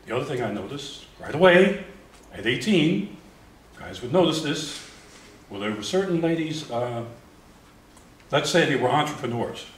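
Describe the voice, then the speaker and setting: An older man from the United States, a guest speaker at a forum, telling lively, humorous anecdotes with chuckles and restarts. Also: on the high side, moderate pace, pauses often, a little hiss or hum. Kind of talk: storytelling talk at a forum. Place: lecture hall. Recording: roomy, distant mic.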